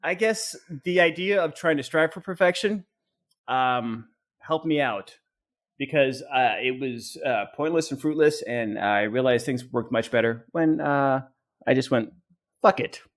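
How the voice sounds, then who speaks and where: Podcast co-host, man, casual storyteller, self-deprecating, mid-pitched. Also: measured pace. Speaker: teacher and improv comedian. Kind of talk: casual chat.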